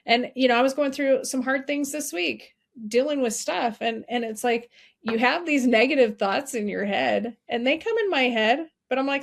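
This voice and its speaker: A woman's voice: high-pitched, normal speed, gravelly. Woman, middle-aged, podcast guest, earnest, encouraging, heartfelt storytelling. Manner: earnest, encouraging, repeats key phrases. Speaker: guest, suicide prevention advocate.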